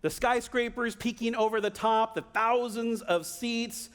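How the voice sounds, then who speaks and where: A pastor delivers a sermon in a notably high, unhurried and smooth voice, animated and vivid, at times acting out cheering voices. A long church-hall reverb carries the sound.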